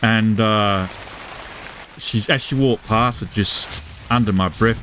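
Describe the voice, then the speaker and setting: Low-voiced British man telling a rambling story. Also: takes it slowly, bright, forceful tone, a little hiss or hum. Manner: casual, full of fillers and restarts, swears freely. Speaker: gaming live streamer. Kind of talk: rambling anecdote while streaming.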